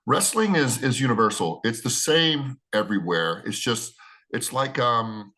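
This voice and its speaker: A man's voice: medium pitch, animated, unhurried, sharp tone. A middle-aged American man, a wrestler, answering interview questions in a rambling way with many restarts and "you know"s. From United States.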